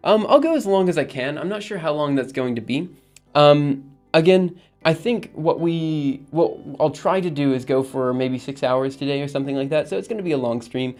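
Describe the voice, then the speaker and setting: A man's voice: on the high side, moderate pace, darkish tone. A man hosting a casual coding livestream, talking to chat in an upbeat, rambling way with many fillers, with faint music behind him. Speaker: livestream host.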